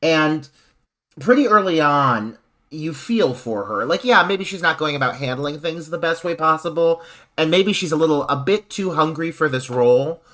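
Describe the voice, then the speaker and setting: A man on a podcast panel, talking about a film in an animated, opinionated way with laughter. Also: fairly high pitch, moderate pace. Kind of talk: casual film discussion.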